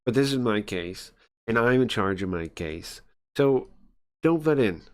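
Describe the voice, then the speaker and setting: A man voicing a hostile police inspector with a high-pitched, near hysterical voice, shouting at newcomers. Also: moderate pace, clean tone, no echo, natural voice. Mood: territorial. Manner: shouting, confrontational.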